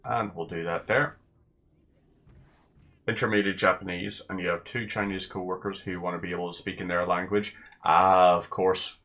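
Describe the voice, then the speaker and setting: Deep-voiced man commenting on gameplay. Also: fairly even intonation, normal speed, a bit bright. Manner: sarcastic, rambling asides to the viewer.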